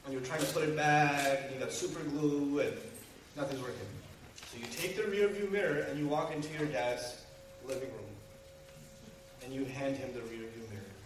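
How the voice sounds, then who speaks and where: A man preaching a sermon to a live audience, animated and full of rhetorical questions aimed at the listeners. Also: medium pitch, moderate pace, a little hiss or hum. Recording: very echoey hall, mic far off, faint ambience.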